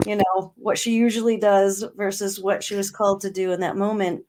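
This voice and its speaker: A middle-aged woman, a guest in an interview, telling a personal story in earnest, slowing down on emotional words and laughing now and then. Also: medium pitch, fairly even intonation, darkish tone. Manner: earnest, slows right down on emotional words, laughs between lines.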